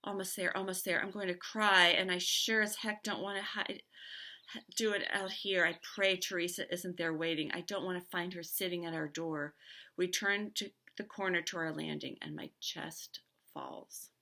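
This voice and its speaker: A woman's voice: fairly low pitch, steady tone, normal speed, bright, forceful tone. A woman teacher reading a novel aloud with expression, stopping now and then to comment on the story.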